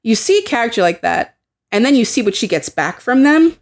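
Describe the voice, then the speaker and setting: Young woman co-host, fairly high voice, fired-up and profane, casual chat. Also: sing-song, fairly quick. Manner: heated, swearing, acts out quotes. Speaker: podcast co-host.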